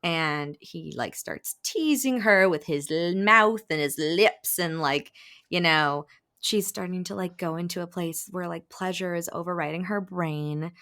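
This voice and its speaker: Animated woman recapping a book. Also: lowish voice, a little slow. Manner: animated retelling, acting out quotes, frequent laughs. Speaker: podcast host. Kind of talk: casual book-recap chat.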